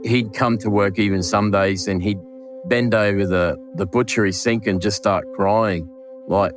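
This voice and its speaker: An Australian butcher with a low male voice recalls a late coworker in an emotional interview. He speaks haltingly, restarting often and acting out dialogue as he remembers.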